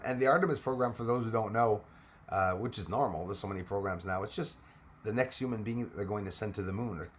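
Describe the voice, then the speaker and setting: A man's voice: on the low side, a little hiss or hum. A man hosting a casual livestream, greeting commenters by name, laughing often and chatting loosely. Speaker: livestream host. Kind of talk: casual live chat with viewers.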